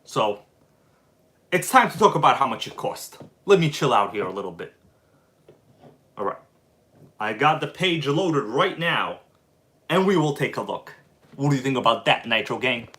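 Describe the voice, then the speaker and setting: A man hosting a casual live stream and chatting with his audience, animated and quick to flare up with irritation. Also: medium pitch. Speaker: livestream host.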